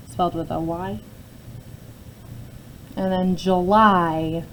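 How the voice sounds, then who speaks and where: A woman's voice: on the low side, darkish tone, slight background noise, rough recording. A woman teacher talking through a spelling and syllable lesson step by step, often checking in with her students. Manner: patient, explains step by step with frequent "okay?" check-ins. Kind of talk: phonics lesson, talking through a word sort.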